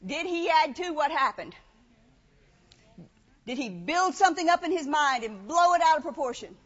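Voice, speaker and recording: High-pitched woman preacher, chatty animated sermon, long hall reverb. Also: normal speed, highs cut off. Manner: conversational, rhetorical questions, animated. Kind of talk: sermon with scripture reading.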